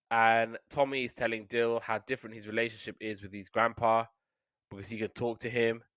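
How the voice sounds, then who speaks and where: A man's voice: mid-range voice, bright, forceful tone, smooth, no room sound. A man hosting a podcast, casually recapping a cartoon episode in a rambling way, leaning on "obviously" and "like". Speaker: podcast host.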